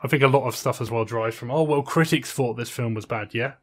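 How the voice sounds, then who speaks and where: A man's voice: medium pitch, fast, breathy edge. A man co-hosting a podcast in casual chat, earnestly and steadily laying out an argument. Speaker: podcast co-host.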